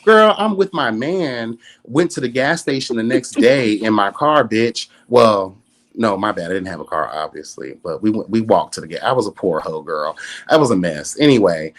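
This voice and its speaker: A man's voice: on the low side, moderate pace. A man from Atlanta, hosting a casual chat and telling sassy, slang-filled stories. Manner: sassy, animated, full of slang and exclamations. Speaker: host.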